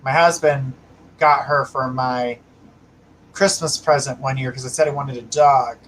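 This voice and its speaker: A man's voice: mid-range voice, fairly even intonation, a little slow, a bit bright, slight background noise, rough recording. A man hosting a live psychic reading stream, chatting casually, laughing often and reading viewer comments aloud. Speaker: psychic livestream host.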